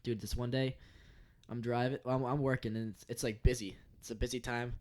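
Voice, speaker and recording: A man's voice: mid-range voice, little pitch movement, fairly quick, a little mellow. A man on a podcast telling a rambling work story in casual chat, swearing often and repeating slang fillers. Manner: rambling, swears a lot, peppers talk with "dude". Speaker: podcast co-host.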